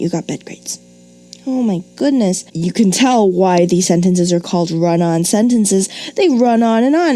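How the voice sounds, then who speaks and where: A woman's voice: lowish voice, warm tone. A woman teaching a grammar lesson on video, talking expressively and asking playful rhetorical questions.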